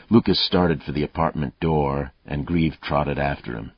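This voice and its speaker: Very deep, husky male narrator. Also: moderate pace, hardly any pauses, dry recording. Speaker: audiobook narrator. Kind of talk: scripted narration. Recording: dull, muffled dry audio.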